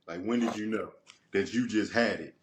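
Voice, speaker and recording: A man interviewing a guest, asking halting questions in a casual way. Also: lowish voice. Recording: roomy echo with faint noise.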